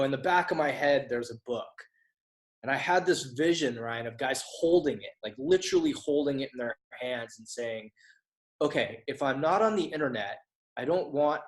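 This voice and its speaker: A man's voice: mid-range voice, rough recording. A man guest on a podcast, telling his story candidly, swearing freely and acting out quoted dialogue. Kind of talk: casual storytelling interview.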